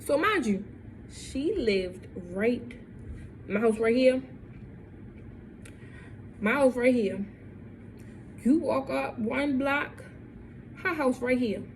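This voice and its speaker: Speaking slowly with frequent pauses, a young vlogger with a high-pitched voice relates a story, animatedly repeating lines and performing other people's quotes. There's slight background noise.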